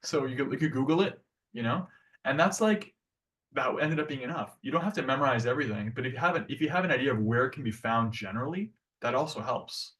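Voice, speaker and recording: A man's voice: mid-range voice, animated, quick pace, fairly bright tone. Earnest conversational man, slightly distant mic. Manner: conversational, earnest, full of restarts and "like". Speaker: devotional class speaker. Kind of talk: casual devotional class talk.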